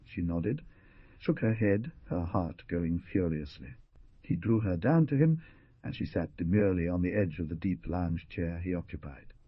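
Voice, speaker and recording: A man narrating an audiobook in a dramatic style, with a husky voice and lively delivery of the characters' lines. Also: low voice, normal speed, no echo. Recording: dull, muffled studio recording.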